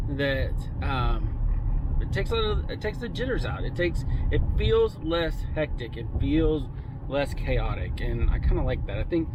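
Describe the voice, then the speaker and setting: A man casually vlogging through a camera review, chatty and relaxed and laughing easily, recorded on a built-in action camera mic. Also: medium pitch. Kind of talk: casual vlog chat. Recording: noisy outdoor action-camera audio.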